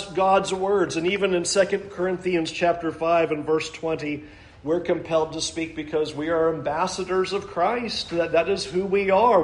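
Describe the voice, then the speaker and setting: A man with a fairly high voice preaches a sermon in an echoey church room. He is earnest, slowing down to read scripture and pressing hard on the key lines. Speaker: pastor.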